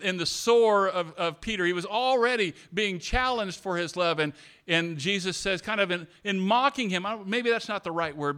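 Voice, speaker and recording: Man, pastor, sermon, emphatic and repetitive, calls for amens, clear resonant voice. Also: sits high. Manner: repeats phrases, swings from hushed to loud emphatic preaching.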